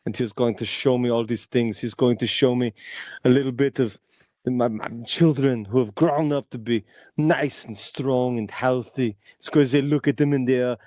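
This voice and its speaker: A man's voice: medium pitch, fairly even intonation, normal speed, darkish tone, no echo. A man co-hosting a podcast, telling a jokey story in a playful, casual way. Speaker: podcast co-host. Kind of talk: casual chat.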